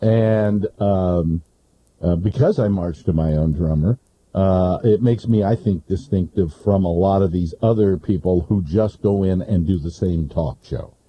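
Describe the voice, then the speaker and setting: Low-voiced halting radio host guest. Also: male voice, husky. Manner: halting, repeats words as he starts. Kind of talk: radio talk show conversation. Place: radio studio. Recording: muffled lo-fi radio broadcast.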